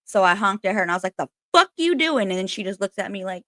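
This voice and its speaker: A woman's voice: medium pitch, flat delivery, racing, fairly bright tone, no room sound. A woman hosting a casual livestream chat as a spiritual reader at home, candid and chatty, with plenty of swearing. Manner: candid, chatty and profane, with frequent laughs. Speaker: spiritual reader and channel host.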